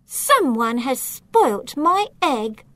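An excitable little hen from a children's storybook, put on by a woman reading aloud. She squeaks high and slow, every word pushed with feeling. The sound is dry and close. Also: no echo, heavily acted. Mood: cross. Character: proud excitable female hen, a chocolate sculptor. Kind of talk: storybook character voice.

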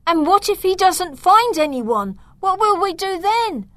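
Storybook boy, worried and questioning, a woman reader putting him on, slow and dry. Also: medium pitch, lively intonation, fairly bright tone, no room sound. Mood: panicky. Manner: anxious, questioning. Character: worried young boy, anxious and fretful.

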